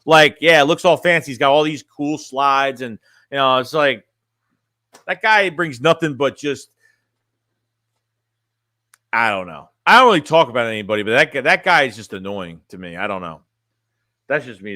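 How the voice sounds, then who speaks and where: A man's voice: medium pitch, lively intonation, moderate pace, pauses often, bright, forceful tone, no room sound, clean studio sound. A man chatting casually on a livestream as a sports fan streamer, reading chat and talking bluntly, rambling and restarting his phrases.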